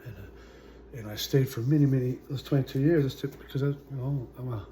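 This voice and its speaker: A man in his forties speaks to his viewers at a mid-range pitch, in a halting, searching way. He leans on "uh" and "you know" and often lets the ends of his sentences fade away. There is a faint hiss behind him. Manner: halting, full of "uh" and "you know", trailing off softly. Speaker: vlogger. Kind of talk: personal storytelling to camera.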